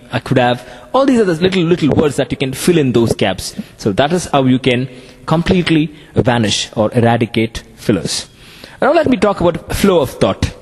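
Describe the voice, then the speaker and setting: A man with an Indian English accent, giving a classroom lecture on communication skills in an animated way. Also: medium pitch, breathy edge, long reverb tail.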